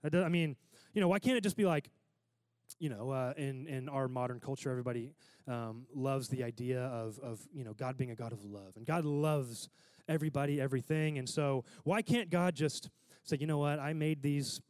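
A man's voice: medium pitch, a little fast, darkish tone, dry recording. A man preaching a sermon in a casual, conversational way, often checking in with his listeners.

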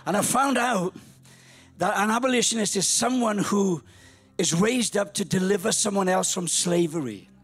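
A man in his sixties preaching a humorous storytelling sermon, lively, rising to shouts. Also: sits high, moderate pace, breathy edge. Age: 60s. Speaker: pastor.

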